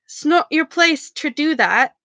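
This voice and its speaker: A woman's voice: sits high, lively intonation, measured pace, pushed and bright, no room sound, heavily acted. A woman reading aloud, voicing a big, blunt male gamekeeper in a storybook, with a light Scottish accent. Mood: gruff. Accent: light Scottish, as put on.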